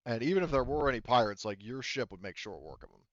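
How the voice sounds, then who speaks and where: A man's voice: medium pitch, expressive, fast talker, no echo. A man running a tabletop game as game master, explaining things in a rambling way with many fillers. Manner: rambling, lots of fillers and restarts. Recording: dull lo-fi online call audio.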